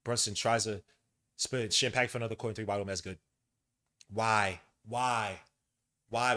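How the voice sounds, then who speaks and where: A man hosting a podcast, giving live play-by-play commentary and stats with excitable, frustrated, slangy outbursts. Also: lowish voice. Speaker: podcast host.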